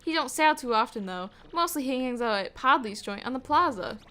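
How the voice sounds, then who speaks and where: A woman's voice: high-pitched, lively intonation, brisk, a bit bright. Woman doing a brash know-it-all dockhand. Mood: blunt. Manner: brash, blunt, challenging. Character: gruff know-it-all male dock worker. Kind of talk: reading game dialogue aloud.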